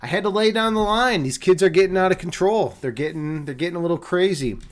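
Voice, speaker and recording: High-voiced rambling streamer man from Chicago. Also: fast. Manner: rambling, repeats words, frequent fillers. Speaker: streamer host. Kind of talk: casual live-stream chat.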